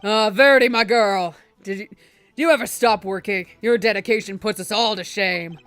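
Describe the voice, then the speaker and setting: A woman's voice: medium pitch, moderate pace, fairly bright tone, smooth, no echo, close to an everyday voice. Woman putting on a sentimental old chairman. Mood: genial. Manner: grandfatherly, theatrical, sentimental. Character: genial older male committee chairman, sentimental.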